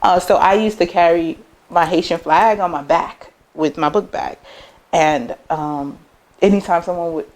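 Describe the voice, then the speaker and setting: A young American woman, a business owner, chatting casually in an interview and telling lively personal stories, acting out the voices of people she quotes. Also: a little slow. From United States. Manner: animated, acts out quoted voices with big pitch jumps.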